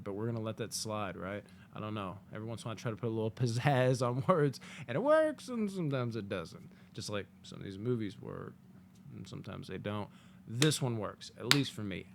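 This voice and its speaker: Animated, foul-mouthed male movie reviewer. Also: medium pitch, slight background noise. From United States. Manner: animated, profane, jokey asides with acted-out quotes. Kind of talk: casual spoken movie review.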